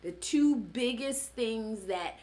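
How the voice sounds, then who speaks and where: Speaking slowly in an animated, dark-toned voice that sits on the high side, this fitness coach and former studio owner delivers a chatty pep talk. She keeps asking "right?" to check in with listeners.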